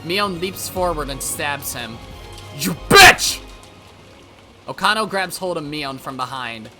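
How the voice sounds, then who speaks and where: A man's voice: a little high, animated, normal speed. A man reading a visual novel aloud, with brief side remarks of his own. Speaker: let's-play narrator. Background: game music.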